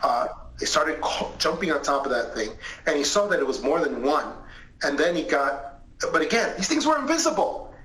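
Animated storyteller man, echoey room. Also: fairly high pitch, moderate pace. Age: middle-aged. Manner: animated retelling with lively acted quotes. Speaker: guest, retired investigator. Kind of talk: storytelling in an interview. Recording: roomy echoing sound.

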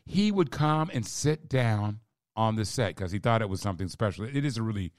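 Low-voiced man hosting a casual chat. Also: animated, brisk. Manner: storytelling, reflective, emphatic. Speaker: host, writer and director.

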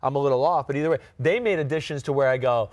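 A man hosting a casual sports podcast, thinking aloud with drawn-out "ooh" sounds and plenty of fillers. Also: medium pitch, darkish tone, dry recording. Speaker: podcast host and football analyst.

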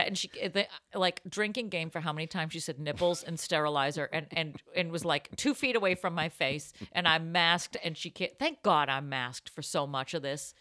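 A woman's voice: on the low side, fairly quick, sharp tone, dry recording, clean studio sound. A woman co-hosting a comedy podcast, telling rambling, giggly stories full of silly wordplay. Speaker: podcast co-host. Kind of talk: casual comedic chat.

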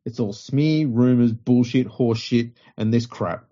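A man's voice: mid-range voice, unhurried, dark tone. A man co-hosting a podcast, ranting bluntly with plenty of swearing. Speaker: podcast co-host. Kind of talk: casual podcast chat. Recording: dull lo-fi podcast audio.

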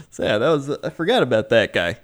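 Young male podcast co-host, casual storyteller, plain middle pitch. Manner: laid-back, laughs easily, acts out others' lines.

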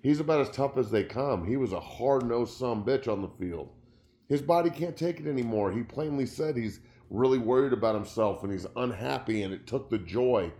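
Ex-pro football player, middle-aged, hosting a sports talk show solo in his studio; mid-pitched, heated and profane. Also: lively intonation, fairly quick, warm tone. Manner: impassioned, profane, voice rising when upset. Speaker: podcast host, former pro football player. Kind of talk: emotional sports talk monologue. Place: home studio.

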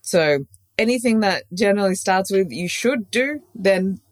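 A woman's voice: mid-range voice, animated, measured pace, no echo. A woman from Australia, a safety consultant and coach, talking frankly as a podcast guest and laughing easily. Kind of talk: casual interview chat.

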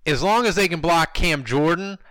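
A man's voice: on the high side, lively intonation, moderate pace, pushed and bright, no room sound. A man hosting a podcast, chatting casually and animatedly with his co-hosts. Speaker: podcast host. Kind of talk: casual chat.

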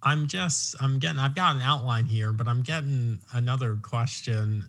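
Hosting a casual podcast interview, a man from Long Island, New York, speaks in a neutral American accent with no regional trace. His voice is medium in pitch, a bit bright, and at normal speed. He rambles, pokes fun at himself, and digresses before pulling himself back on track.

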